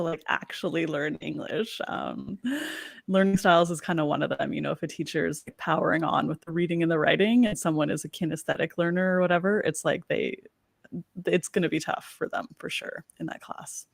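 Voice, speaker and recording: A woman hosting a relaxed teaching livestream, her speech loose and full of "like" and "um." Her voice has a gravelly fry and sounds dry and close, with no room around it. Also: low voice, fairly quick, no room sound. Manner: relaxed, many "like" and "um" fillers. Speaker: ESL teacher and host. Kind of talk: casual livestream chat.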